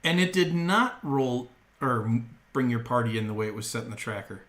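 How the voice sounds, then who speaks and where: A man's voice: mid-range voice, brisk, fairly bright tone. A man narrating as game master of a tabletop game, with loose, laughing asides.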